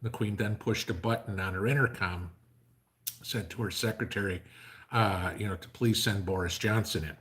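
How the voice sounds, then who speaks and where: Hosting a laid-back livestream, this man speaks at a normal pace in a lowish, slightly bright voice with fairly even intonation. His talk wanders, is packed with fillers, and includes jokes.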